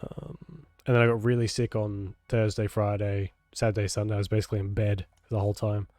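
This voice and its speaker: A man's voice: on the low side, little pitch movement, a little fast, a little mellow, no echo. A man streaming a video game, talking casually with a nasal, congested voice from a cold, joking and swearing. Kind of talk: casual gameplay commentary.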